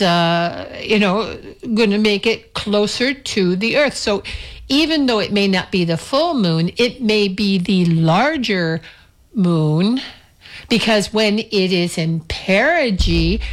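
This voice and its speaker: Slow, rambling woman radio host. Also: mid-range voice, lively intonation. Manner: slow, meandering, chatty with self-corrections. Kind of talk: casual radio chat introducing music.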